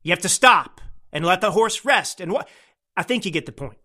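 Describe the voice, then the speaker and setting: A man's voice: high-pitched, lively intonation, moderate pace, pushed and bright. A man hosting a political podcast, talking in an indignant, scornful and repetitive way. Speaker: podcast host. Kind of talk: political commentary.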